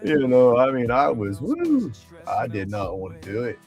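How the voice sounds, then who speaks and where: A man's voice: mid-range voice, normal speed, gravelly. A middle-aged man, chatting casually on a livestream, rambling and laughing often. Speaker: livestream host. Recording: faint music behind.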